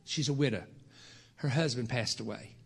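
A preacher man telling a folksy testimony to a congregation, building into shouted fervor. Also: mid-range voice, moderate pace, creaky, husky.

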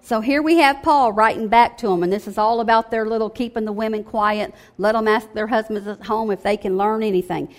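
A woman's voice: fairly high pitch, fairly even intonation, fairly quick, hardly any pauses. A woman preaching a sermon in a conversational, emphatic way, often checking in with "okay?".

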